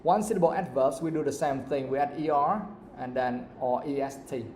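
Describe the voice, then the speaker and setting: A man's voice: medium pitch, fairly quick, darkish tone, echoey room, a little hiss or hum. Man teaching English grammar. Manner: checks understanding with repeated questions. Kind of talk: live grammar lesson.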